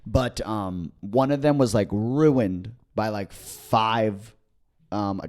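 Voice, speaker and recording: A man's voice: on the low side, slow, a little mellow. A young man co-hosts a comedy podcast and tells long, rambling stories from his gigs. He circles back with fillers and restarts. When he quotes people, he acts them out. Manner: rambling storyteller who acts out what others said. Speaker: stand-up comedian and podcast co-host. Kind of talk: casual comedy podcast chat.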